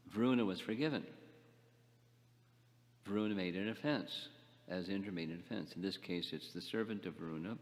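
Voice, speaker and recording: An older man giving a scripture class lecture, speaking haltingly, repeating words and asking the class questions. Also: deep voice, in a large hall. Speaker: spiritual teacher.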